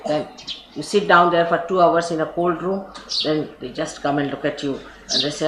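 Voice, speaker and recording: A woman's voice: deep voice, normal speed. Indian lady chatting through a spiritual talk, stories and asides, echoey room. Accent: Indian English. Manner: storytelling with chatty asides and laughter. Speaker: spiritual teacher. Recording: roomy archive recording with faint hiss.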